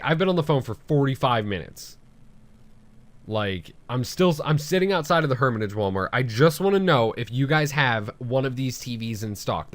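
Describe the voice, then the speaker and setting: A man of about twenty telling a long story on a casual podcast, animated and profane, with lots of fillers like "like" and "um". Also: mid-range voice. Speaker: podcast host.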